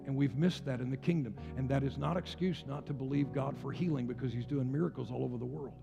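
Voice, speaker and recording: A man in his sixties, a pastor, preaching with passionate rising declarations and quieter storytelling. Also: medium pitch, steady tone, fast talker, vocal fry. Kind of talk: sermon. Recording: long hall reverb with faint music.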